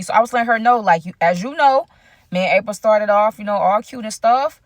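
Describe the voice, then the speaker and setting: A woman's voice: mid-range voice, fairly quick, no room sound, studio quality. Chatty young woman telling a storytime. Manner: chatty, keeps addressing viewers directly. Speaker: vlogger. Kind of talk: storytime vlog.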